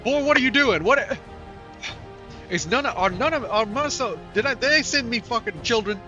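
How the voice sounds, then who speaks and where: A man voicing an exasperated male army commander who shouts in disbelief at his troops. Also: very high voice, expressive, moderate pace, muffled recording, faint music behind, voice pushed up, heavily acted. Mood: furious. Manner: yelling, incredulous.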